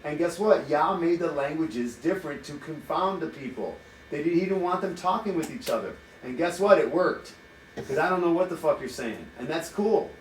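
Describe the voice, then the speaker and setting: A vlogger in a hotel room chats casually, teasing and swearing a lot, his voice fairly high-pitched at a normal speed. The mic sits at a distance in an echoey room, and a slight hiss or hum runs under his animated, profane talk.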